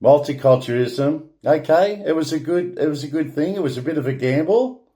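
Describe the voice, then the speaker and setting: A man's voice: on the high side, expressive, a little fast, warm tone. An Australian man ranting bluntly through a rambling monologue, swearing often and restarting his sentences. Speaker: vlogger.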